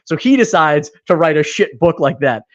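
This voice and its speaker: A fairly high-voiced man co-hosts a casual podcast chat, rambling along and laughing often as he talks. He swears casually. The sound is dull and lo-fi. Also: animated, moderate pace. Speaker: podcast co-host.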